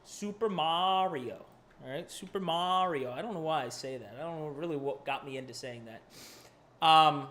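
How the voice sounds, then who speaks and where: A man's voice: medium pitch, moderate pace, a bit bright. A man hosting a live crypto chart show, talking casually with profanity, restarts and rambling asides. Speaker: crypto market analyst and channel host. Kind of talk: casual live market commentary.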